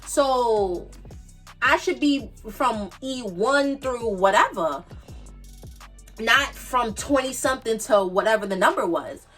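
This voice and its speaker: A woman's voice: fairly high pitch, animated, slow pace, fairly bright tone, distant mic, soft background music. A woman, telling a casual storytime with emphatic, repetitive, slangy asides. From the Bronx, New York. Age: 20s. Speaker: vlogger.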